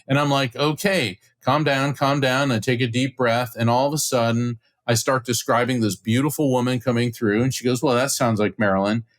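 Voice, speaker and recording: A middle-aged man, a guest on an interview podcast, telling a story with excitement and acting out the voices of the people in it. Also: medium pitch, brisk, few pauses. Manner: acts out quoted voices, excited retelling. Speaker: podcast guest, psychic medium.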